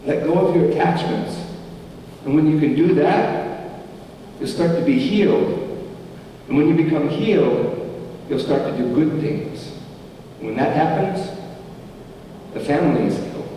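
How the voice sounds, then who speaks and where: A man's voice: a little high, lively intonation, measured pace, long pauses, dark tone, far from the mic, a little hiss or hum. A man preaching a sermon as pastor, with an emphatic, repeating cadence. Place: church sanctuary. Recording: echoey hall, from afar.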